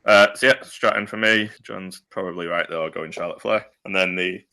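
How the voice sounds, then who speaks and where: A man's voice: sits low, brisk. A man chatting casually on a podcast, telling stories at length with a lot of restarts. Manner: rambling, animated retelling with many restarts. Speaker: podcast co-host. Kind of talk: casual wrestling podcast chat.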